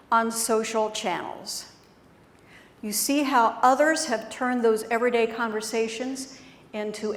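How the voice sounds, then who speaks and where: A middle-aged woman speaking as a keynote presenter, her voice sitting a little high for a woman. She tells stories in an animated, conversational way and acts out the quotes. The sound carries the echo of a large room. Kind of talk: storytelling keynote speech. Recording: echoey room.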